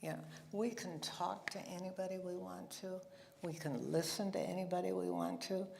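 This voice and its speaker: A woman with a low, heavily gravelly voice speaks slowly and chattily to a church audience. She tells stories in an unhurried, conversational way, with a faint hum of the room behind her. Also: steady tone. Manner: chatty and anecdotal, with asides and laughs. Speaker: guest speaker at a church service. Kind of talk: conversational talk to a congregation.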